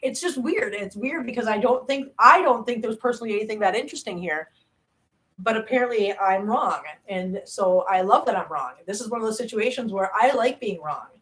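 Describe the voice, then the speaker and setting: A woman's voice: medium pitch, rough recording. A woman, chatting casually with viewers on her livestream, rambling and self-deprecating. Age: 40s. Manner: animated, rambling, self-deprecating, quick bursts. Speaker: channel host. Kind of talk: casual livestream chat reading comments.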